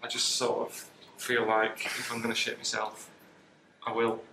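A man giving deadpan, complaining travel commentary, sounding weary and self-deprecating. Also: medium pitch, a little slow, noisy background. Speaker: travel show subject.

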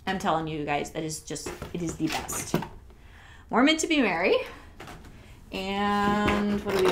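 A woman's voice: mid-range voice, big pitch swings, moderate pace, noisy background. Gushing chatty woman reviewing products. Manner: gushing and chatty, drifting into soft near-whispers. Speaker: scent consultant and channel host. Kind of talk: casual product review vlog.

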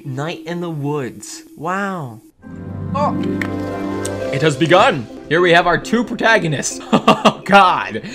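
A man giving goofy, excitable commentary while playing a game for his YouTube channel. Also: fairly high pitch, slow pace, over music. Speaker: gaming YouTuber. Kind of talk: casual gameplay commentary.

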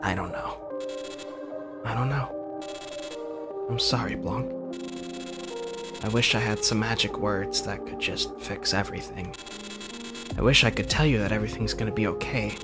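A man playing a game and reading its dialogue aloud in a gentle, reassuring way. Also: on the low side, fairly even intonation, normal speed, long pauses. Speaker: game streamer. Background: game music.

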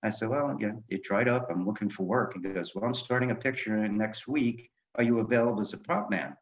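Older guy, low voice, spinning film-set stories, acts out the quotes, dull lo-fi audio. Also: a little fast. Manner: animated anecdotes, acting out quoted dialogue. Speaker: guest, author and film director. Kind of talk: storytelling in a podcast interview. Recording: dull lo-fi sound.

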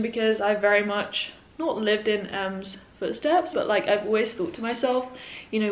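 A woman's voice: mid-range voice, fairly even intonation, moderate pace. A woman in her twenties shares heartfelt, emotional thoughts in a birthday vlog. She talks reflectively and often says "like.". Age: 20s. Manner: emotional, heartfelt, leans on "like" a lot. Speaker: vlogger. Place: indoors at home. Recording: echoey room.

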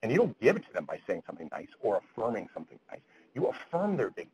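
A man's voice: on the low side, wildly swooping pitch, very fast, a little mellow, highs cut off, slight background noise. A man lecturing physicians at grand rounds, retelling a story earnestly and often repeating words as he goes.

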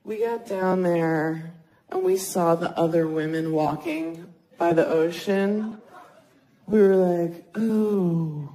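A woman in her thirties doing a self-mocking stand-up comedy set on a club stage, talking casually and jumping into high squeaky voices for the people she quotes. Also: slow, warm tone, poor audio. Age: 30s. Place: comedy club stage before a laughing audience. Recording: live club recording with crowd noise.

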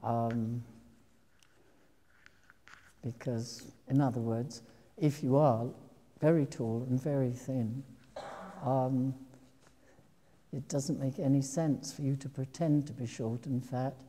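An older woman with a low, very mellow voice tells career anecdotes to an audience. She takes her time, pausing on ums and breaking into soft laughs. Her voice carries a long reverb from a large hall. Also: steady tone. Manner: slow and reflective, with frequent ums and soft laughs. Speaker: actress giving a talk.

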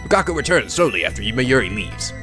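A man's voice: medium pitch, sing-song, quick pace, sharp tone, soft background music. A man hosting a let's play, reading a visual novel aloud with playful, theatrical delivery, often giggling.

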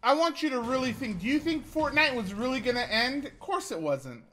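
A woman's voice: sits high, lively intonation, a little fast, noisy background. A young woman giving casual commentary as she streams a game, swearing freely and laughing often. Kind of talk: casual live-stream commentary while gaming.

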